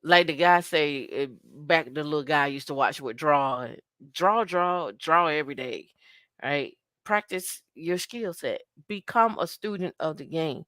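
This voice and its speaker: A woman co-hosting a podcast in casual talk, an emphatic, lively storyteller who acts out the dialogue and repeats her advice for effect. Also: low voice, measured pace, no room sound, clean studio sound. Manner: emphatic, repetitive advice-giving. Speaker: podcast co-host.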